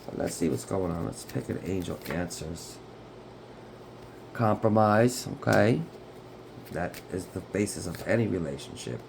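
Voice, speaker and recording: A man's voice: low voice, expressive, unhurried, gravelly, pauses often, a little mellow, a little hiss or hum. A man talking through a tarot reading at home in a chatty way. He keeps checking in with his listeners. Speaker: tarot reader. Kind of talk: casual tarot reading to camera.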